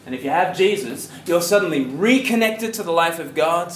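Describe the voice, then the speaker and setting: The preacher's voice leans high and expressive at normal speed, carrying an Australian accent. He gives a jokey, conversational evangelistic talk on campus, asking his listeners questions, recorded in an echoey university lecture hall with faint noise.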